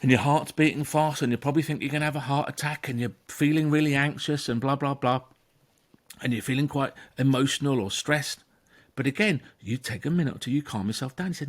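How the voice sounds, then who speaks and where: Brief: male therapist, emphatic explainer, average pitch. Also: a little fast. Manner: animated, emphatic, acts out inner voices. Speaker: therapist and podcast host. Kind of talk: conversational explanation.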